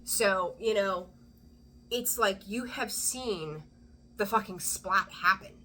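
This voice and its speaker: Chatty excitable woman, bright tone. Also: mid-range voice, takes it slowly, slight background noise. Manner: chatty, rambling, excitable, laughs often. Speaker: tarot reader. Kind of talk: casual tarot reading to camera.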